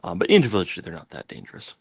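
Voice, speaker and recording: Low-voiced man running a tabletop game. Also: big pitch swings, very fast, vocal fry, slightly rough, no echo. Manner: rambling, casual descriptive narration with many fillers. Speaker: game master. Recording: dry, dull lo-fi audio.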